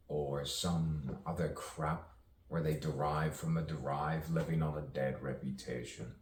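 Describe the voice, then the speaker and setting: Deep-voiced man musing sardonically. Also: a little mellow. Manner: musing, sardonic, asks himself questions, laughs at himself. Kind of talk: rambling self-recorded monologue. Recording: echoey room, distant mic, faint background noise.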